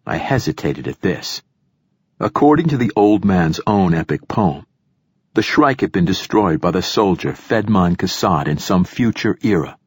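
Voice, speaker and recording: Deep, husky male audiobook narrator. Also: lively intonation, moderate pace, darkish tone, no room sound. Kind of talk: scripted first-person narration.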